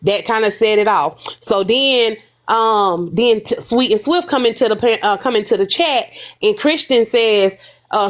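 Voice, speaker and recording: A woman casually retelling livestream drama, animated and gossipy, slipping into the voices of the people she quotes. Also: a little high, a little slow.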